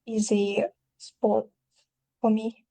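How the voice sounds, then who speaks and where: A woman who is not a native English speaker, answering test questions over a video call in hesitant, halting English. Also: mid-range voice, flat delivery, gravelly, warm tone, rough recording. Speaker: IELTS candidate.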